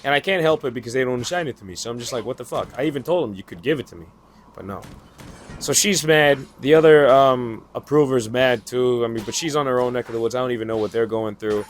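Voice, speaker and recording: A man's voice: medium pitch, fast. A man rants casually about his day in a mid-range voice, frustrated and rambling, dropping curses and starting sentences over. A faint hiss sits behind him. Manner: frustrated, profane, rambling with restarts. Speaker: new data entry worker. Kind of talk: casual venting monologue.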